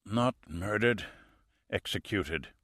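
A man voicing a cold, fanatical male assassin with a faint European accent, speaking quietly and slowly as he fades. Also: on the low side, no room sound, studio quality. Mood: cold, fading. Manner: quiet, hushed and slow, fading breath.

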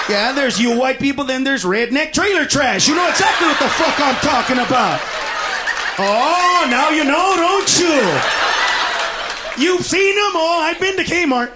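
An American male stand-up comedian riffing loudly and profanely at his audience in a comedy club. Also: very high voice, lively intonation, unhurried. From United States. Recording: loud crowd laughter and noise, live club.

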